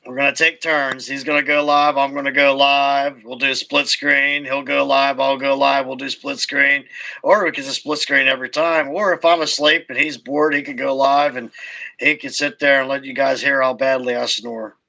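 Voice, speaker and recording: A man hosting a casual livestream recap, telling his story slowly with halting restarts. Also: medium pitch, little pitch movement, creaky, bright, forceful tone, no room sound, rough recording. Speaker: host.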